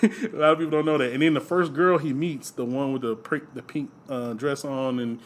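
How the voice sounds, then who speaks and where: A man casually telling stories in conversation, relaxed and laughing often, with lots of fillers. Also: mid-range voice, fairly quick. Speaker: podcast host. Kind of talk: casual chat.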